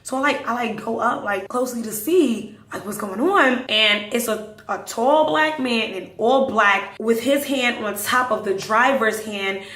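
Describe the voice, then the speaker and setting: A woman hosting a podcast, telling stories casually in an animated way, acting out the dialogue and dropping into hushed asides. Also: a little high, unhurried, hardly any pauses. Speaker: podcast host. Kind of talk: casual storytelling. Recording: roomy echo.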